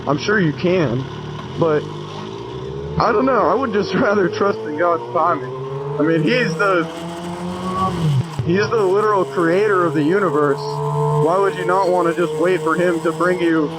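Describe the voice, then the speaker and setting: A man's voice: sits high, normal speed, long pauses, heavy background noise. A man talking earnestly about his faith in a casual vlog, often restarting his phrases. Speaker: vlogger.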